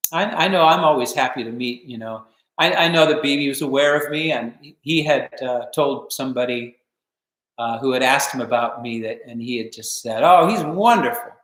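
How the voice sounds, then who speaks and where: An older man hosting a home live stream, telling stories and answering viewer questions in a relaxed, rambling way full of fillers. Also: mid-range voice, roomy sound, rough recording. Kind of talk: casual storytelling and viewer Q&A.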